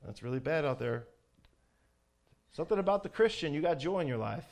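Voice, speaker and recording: A man preaching an informal sermon in a conversational way, asking his listeners questions and building to loud, fervent exhortation. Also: fairly high pitch, lively intonation, fairly quick, vocal fry.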